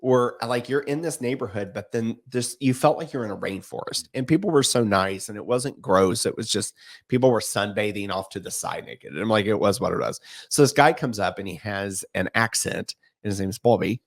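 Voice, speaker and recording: A man co-hosting a podcast, chatting casually and telling animated stories, acting out the voices he quotes and laughing often. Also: fairly low pitch, fairly quick, creaky. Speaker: podcast co-host. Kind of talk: casual chat.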